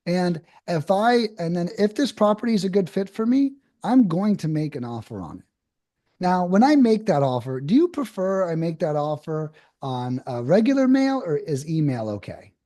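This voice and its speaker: A man's voice: sits high, very animated, normal speed, mellow. A man, a podcast guest and land investing coach, explaining his method and acting out friendly phone scripts.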